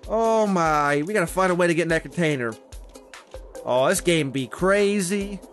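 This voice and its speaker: Excitable high-voiced male gamer. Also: normal speed, soft background music. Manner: excitable, swears often, frequent loud outbursts. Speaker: gaming channel host. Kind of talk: casual gameplay commentary.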